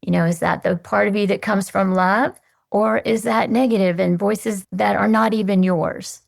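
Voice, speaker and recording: A woman guest on a podcast, answering in an earnest, measured, reflective way. Her voice has strong vocal fry throughout and sits in a middle register. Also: mid-range voice, fairly even intonation.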